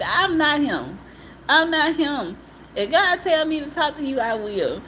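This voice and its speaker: A woman's voice: high voice, sing-song, a little slow, sharp tone, slight background noise, poor audio. A woman on a livestream giving an emphatic, repetitive monologue in casual colloquial speech, often breaking into laughter. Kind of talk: emotional live-stream monologue.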